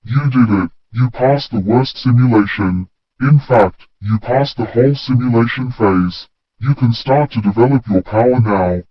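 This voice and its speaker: A man reading as a calm woman instructor. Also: medium pitch, moderate pace, no room sound, close to an everyday voice. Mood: approving. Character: woman, composed adult instructor. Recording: dull, dry lo-fi recording.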